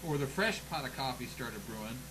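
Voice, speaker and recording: A man co-hosting an online talk show, asking questions and trading relaxed jokes. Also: medium pitch, brisk. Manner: joking, relaxed interviewer. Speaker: co-host. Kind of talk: casual chat. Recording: noticeable background noise.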